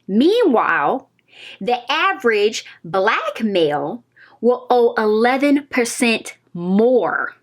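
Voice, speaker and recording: A woman's voice: a little high, big pitch swings, slow pace. A woman in her twenties reviewing a TV episode in a casual, emphatic way, repeating phrases and talking straight to her viewers. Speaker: TV review vlogger.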